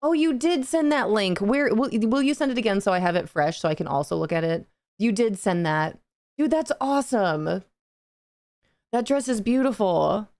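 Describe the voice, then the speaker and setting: A woman's voice: mid-range voice, animated, normal speed, a little mellow, dry recording. Giggly young woman streamer, dry close mic. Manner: giggly, chatty, reads chat aloud and laughs often. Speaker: livestream gaming host. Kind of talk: casual chat with live chat.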